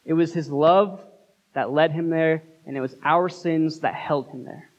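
A man preaching a sermon as pastor, earnest, with dramatic pauses. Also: on the high side, lo-fi sound.

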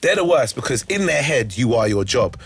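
A young man, a comedian guest on a podcast, telling animated stories and laughing often. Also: mid-range voice, a little fast, slightly rough. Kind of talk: casual podcast chat.

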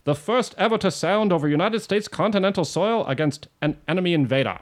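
A man's voice: high-pitched, expressive, fairly quick, pitched above the performer's own voice. A man putting on an old-timey newsreel announcer. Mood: dramatic.

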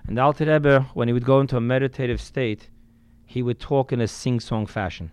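A man preaching a sermon as a rabbi, emphatic, with sudden swings between loud and quiet, and dropping in Yiddish and Hebrew religious terms. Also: mid-range voice, a little fast, clear, resonant tone, dry recording.

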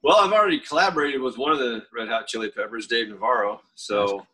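A man's voice: medium pitch, quick pace, pushed and bright, poor audio. A man speaking bluntly and profanely in a casual podcast chat.

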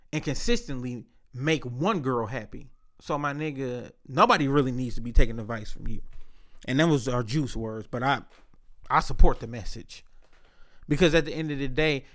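A man's voice: mid-range voice, a bit bright. A young man hosting a podcast, telling casual stories in a loose, profane way with a lot of laughter. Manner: profane, laid-back storytelling with frequent laughs. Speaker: podcast host. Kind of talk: casual storytelling monologue.

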